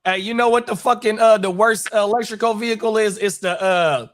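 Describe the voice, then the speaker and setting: A man co-hosting a casual show, loud and profane, with exclamations and slangy brags. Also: sits high, fairly quick. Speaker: co-host. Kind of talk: casual chat.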